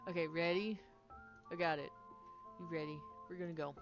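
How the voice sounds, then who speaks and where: A woman streaming a video game, chatting casually and excitably, laughing often and trailing off mid-sentence, with a sniffly nose. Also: on the low side, normal speed. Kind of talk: casual gameplay stream chat. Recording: slightly dull lo-fi sound with faint game music.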